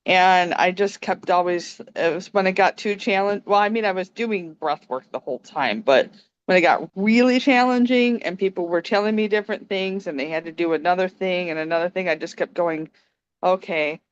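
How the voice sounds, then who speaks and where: A young woman calmly sharing a personal story on a video call, soft-spoken and quick to laugh. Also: fairly low pitch, slight background noise. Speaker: meditation group participant. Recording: dry, dull lo-fi call audio.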